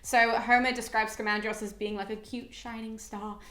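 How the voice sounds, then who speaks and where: A woman's voice: a little high, flat delivery, normal speed, pushed and bright. A young woman hosting a classics channel, summarizing an epic in a chatty, irreverent way with casual swearing. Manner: chatty and irreverent, swears, voices characters in quotes. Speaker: classics video host. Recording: echoey room.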